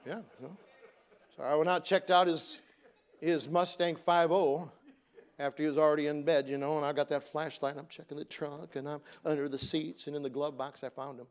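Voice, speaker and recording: A middle-aged man preaching a sermon, telling a family story in a conversational way. He climbs loud for emphasis and then drops to a soft, low voice. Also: level tone, brisk, clear, resonant tone. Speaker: pastor.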